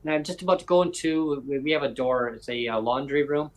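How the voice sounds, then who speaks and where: A man's voice: medium pitch, fast, poor audio. A man hosting a casual chat, telling a long rambling story with lots of voiced quotes and self-corrections. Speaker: podcast host.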